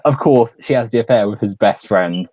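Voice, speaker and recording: A man chatting casually about a film, laughing often and slipping into quick impressions. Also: a little mellow, no room sound, dull audio. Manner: giggly, often bursts into high-pitched impressions. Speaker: podcast co-host.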